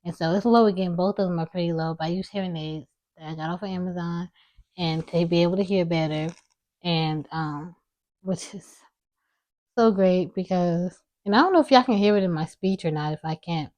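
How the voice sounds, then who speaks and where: Soft-spoken young woman, mumbling low. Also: normal speed. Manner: low, mumbling speech with a slight lisp. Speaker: vlogger. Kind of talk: casual personal storytelling to camera.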